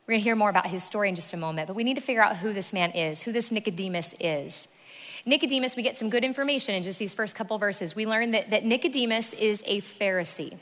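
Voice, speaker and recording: A woman's voice: mid-range voice, quick pace, fairly bright tone. A woman preacher delivering a sermon to a congregation, emphatic and repeating key phrases. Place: church hall. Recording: long reverb of a large room.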